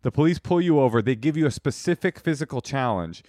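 A man co-hosting a comedy podcast, talking in an animated, jokey way and laughing loudly. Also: medium pitch, fast, slight background noise. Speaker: podcast co-host. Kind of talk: casual comedic chat and host-read ads.

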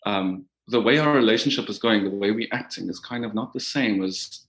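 A man from Africa, calling in for advice, speaking in a relaxed, slightly hesitant way. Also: fairly low pitch, fairly quick. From South Africa. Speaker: caller. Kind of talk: phone-in advice call.

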